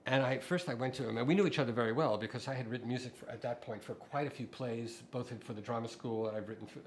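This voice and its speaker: A middle-aged man, a composer guest, telling stories in a relaxed interview, with frequent fillers and restarts. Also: medium pitch, slight background noise. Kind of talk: conversational interview.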